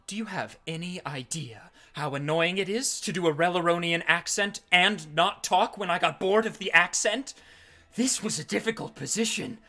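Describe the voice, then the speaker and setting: Man voicing a fed-up female archer, raised pitch, sharp and complaining. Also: moderate pace. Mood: exasperated. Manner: irritated, complaining. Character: exasperated young woman archer assassin.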